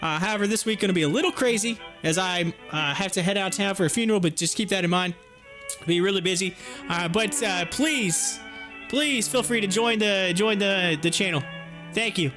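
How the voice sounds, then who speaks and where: A man's voice: high voice, normal speed, music in the background. A young man hosting a live stream from home, chatting casually, joking and laughing often while he waits. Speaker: livestream host.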